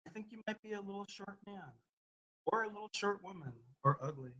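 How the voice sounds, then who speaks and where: A man's voice: high-pitched, expressive, a little fast, sharp tone, highs cut off. Blunt man on a laptop live stream. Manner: blunt and profane, repeats questions at viewers. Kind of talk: live stream chat with viewers. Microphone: laptop built-in mic.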